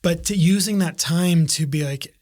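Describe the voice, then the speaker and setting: A man's voice: a little high, moderate pace, a little mellow. A man co-hosting a podcast with his wife, chatting casually and rambling with many fillers and restarts. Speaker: podcast co-host.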